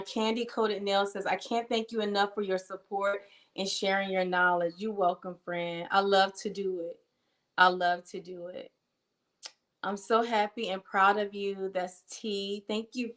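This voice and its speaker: A middle-aged woman, hosting a casual livestream and warmly greeting viewers by name. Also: medium pitch. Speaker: livestream host.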